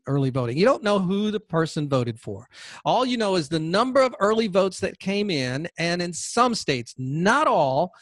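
Man, podcast host, sarcastic rant, a bit high-pitched, dry close sound. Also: fairly bright tone, no echo. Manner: combative, sarcastic, taunts imagined listeners. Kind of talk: political commentary monologue.

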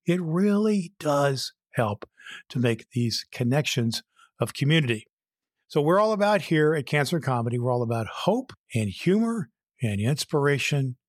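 A man's voice: mid-range voice, no echo, clean studio sound. A man hosting a podcast, giving earnest, motivational encouragement and telling a joke. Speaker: podcast host.

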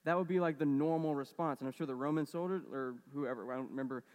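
A man's voice: a little high, quick pace, darkish tone, long reverb tail. A man preaching a casual sermon, conversational and storytelling, with lots of fillers. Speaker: pastor.

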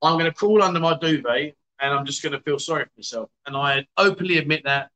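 A man's voice: fairly high pitch, quick pace, bright, forceful tone, poor audio. A man hosting a casual livestream, hungover, greeting viewers by name in a chatty, self-mocking way. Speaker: livestream host.

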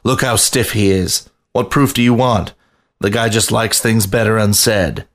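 A man's voice: lowish voice, a little slow, lightly acted. A man voicing a male lion photographer in a spoken story, with a coaxing manner.

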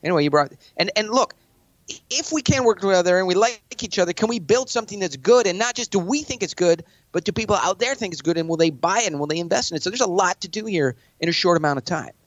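A man in casual conversation, telling brash stories about business meetings and acting out pitches. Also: quick pace, no room sound, dull audio. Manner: brash, animated, acts out sales pitches. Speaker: business speaker, podcast guest. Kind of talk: casual chat.

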